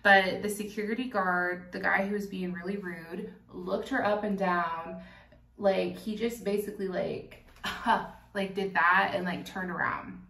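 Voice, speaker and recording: Young woman, Kentucky, casual storytime vlog, animated and candid, echoey room, mic set back. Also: on the low side, measured pace, vocal fry, far from the mic. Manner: animated, candid, laughs often, swears freely. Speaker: vlogger. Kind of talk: casual storytime while doing makeup.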